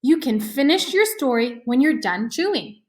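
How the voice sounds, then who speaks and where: A woman voicing a kind, gently scolding mother in a storybook read-aloud. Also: high-pitched, expressive, normal speed. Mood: gentle.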